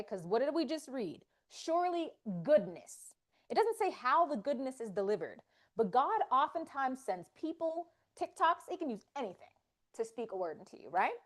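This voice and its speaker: Lively woman leading a faith talk. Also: high voice. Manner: lively, animated, acts out inner voices. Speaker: wellness session host. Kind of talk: faith-based live talk.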